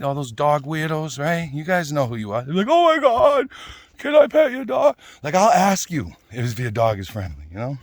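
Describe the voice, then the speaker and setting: Blunt ranting man, lively pitch. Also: no echo. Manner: blunt, swearing, repeats "right?" and "you know?". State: out of breath at times. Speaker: vlogger. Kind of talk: casual ranting monologue.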